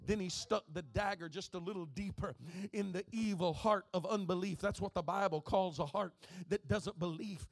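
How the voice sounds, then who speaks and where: A pastor preaching with a high-pitched, gravelly voice. He drops low and quiet, then climbs to shouted, sing-song preaching. The sound is dry and close, with no room echo. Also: moderate pace. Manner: preaching, swings from soft to shouting and half-singing. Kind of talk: sermon.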